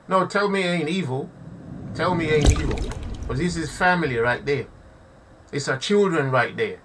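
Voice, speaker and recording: A man's voice: on the high side, lively intonation, normal speed, a bit bright, distant mic, slight background noise. A man giving impassioned live commentary to his audience, preaching and repeating himself, often calling listeners family. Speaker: online preacher.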